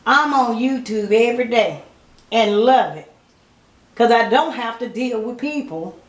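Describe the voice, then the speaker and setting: Woman, 50s, home vlogger, fairly high voice, leisurely and laughing, echoey room. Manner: chatty, laughs often, addresses viewers as y'all. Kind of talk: casual chat to camera.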